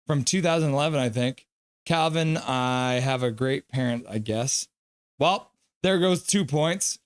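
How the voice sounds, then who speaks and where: A man's voice: medium pitch, clear, resonant tone, no echo, studio quality. A middle-aged man hosting a live stream, reading viewer comments aloud in a playful way and calling hockey play-by-play. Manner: breaks into quick play-by-play commentary. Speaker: livestream host reacting to a hockey game.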